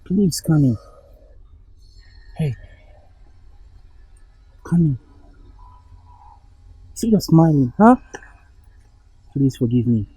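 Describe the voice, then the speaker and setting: A man's voice: a little high, animated, extremely slow, pauses often, mellow, breathy edge, no echo, heavily acted, rough recording. A man playing a desperate young boyfriend who begs his girlfriend for another chance, with a Ghanaian accent. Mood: pleading. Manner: pleading, repeats her name.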